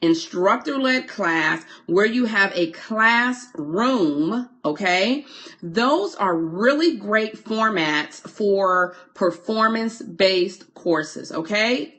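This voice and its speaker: A woman's voice: on the high side, animated, takes it slowly, a bit bright. A woman coaching on a live stream, chatty, stopping mid-sentence to greet and thank viewers, often repeating her words. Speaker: online course coach. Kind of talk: live-streamed teaching while reading viewer comments.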